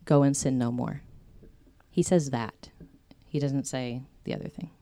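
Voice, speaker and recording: Low-voiced woman giving a chatty faith talk. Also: a little slow, warm tone. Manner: chatty, many fillers and tangents. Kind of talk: casual faith talk to a group.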